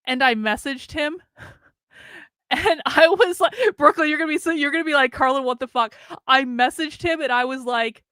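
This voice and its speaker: A high-pitched, sharp-toned woman with an American accent streams a casual, candid monologue at normal speed, cursing freely and laughing a lot. She is a streamer and commentator, recorded at studio quality with no echo.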